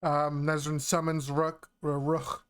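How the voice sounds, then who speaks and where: A man with a fairly high voice runs a tabletop role-playing game. He narrates casually as game master, pausing often with fillers as he describes what the players see. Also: clear, resonant tone. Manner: relaxed, hesitant, many fillers.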